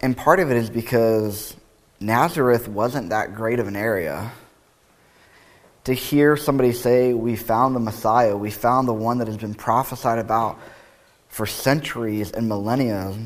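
Low-voiced male pastor preaching. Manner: conversational, reflective, with wry asides. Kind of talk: sermon with scripture reading.

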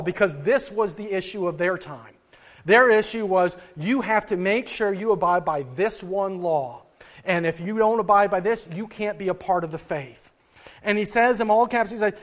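A male pastor delivers a chatty sermon in a fairly high voice. He talks like he is telling friends a story, chuckling and stumbling over restarts as he goes. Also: normal speed. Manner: conversational, laughs at own stories, frequent restarts.

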